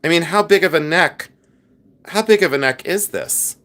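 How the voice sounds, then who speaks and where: A man hosting a casual live stream, chatty and animated, showing his flea market jewelry finds and talking to the chat. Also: on the high side, moderate pace. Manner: chatty, animated, many fillers and asides to chat; clears throat often. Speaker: livestream host selling flea market finds.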